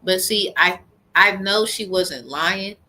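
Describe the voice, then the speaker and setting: A woman's voice: medium pitch, slow, pushed and bright. Heated, profane woman ranting. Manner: heated, profane, rambling storytelling. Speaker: vlogger. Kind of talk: angry personal rant.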